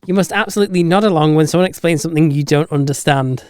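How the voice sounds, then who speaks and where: A man's voice: fairly high pitch, fast, darkish tone, clean tone, no echo, clean studio sound. A man co-hosting a podcast, trading wry, easygoing banter in casual chat. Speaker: podcast co-host.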